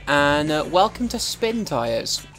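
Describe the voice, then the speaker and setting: A man's voice: fairly high pitch, big pitch swings, takes it slowly, fairly bright tone, soft background music. A young man hosting a let's-play, chatting casually and swearing freely as he plays. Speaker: gaming channel host.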